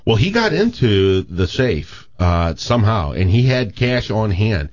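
Brief: low-pitched man, animated storyteller, dull lo-fi recording. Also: unhurried. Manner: animated storyteller with many restarts. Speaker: co-host telling a story. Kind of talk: casual chat, storytelling.

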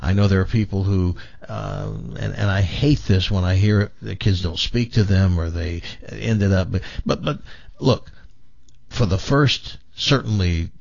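An older man with a lowish voice hosts a radio call-in show in a folksy, emphatic way. The studio sound is dry and a little dull. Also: creaky, a little mellow, no room sound. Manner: folksy, emphatic, talks over others. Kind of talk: casual radio chat.

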